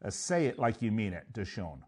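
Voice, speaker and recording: A man's voice: lowish voice, big pitch swings, brisk, a little mellow, slightly rough. A man hosting a sports betting radio show, chatting and joking, sometimes tripping over names.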